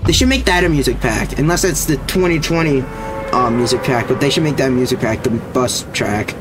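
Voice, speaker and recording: A man's voice: mid-range voice, lively intonation, fairly quick, over music. Hyped young male gamer saying bro. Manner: hyped, casual, says "bro" constantly. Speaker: gaming streamer. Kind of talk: live gameplay commentary.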